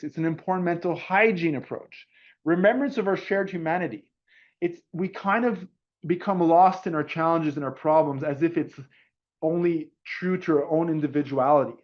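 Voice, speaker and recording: A man's voice: fairly high pitch, dull audio. A middle-aged man presenting a webinar in an informal, conversational way, often repeating words. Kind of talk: casual webinar talk.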